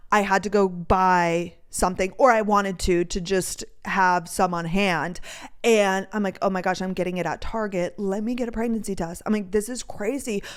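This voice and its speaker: With a smooth, medium-pitched voice, a young podcast host chats casually through a storytime. She's bubbly and talkative, rambling and saying "like" a lot.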